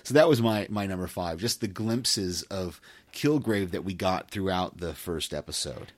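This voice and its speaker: A man's voice: sits low, normal speed. A man co-hosting a podcast, chatting casually and laughing often between restarts. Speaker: podcast co-host. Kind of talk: casual chat.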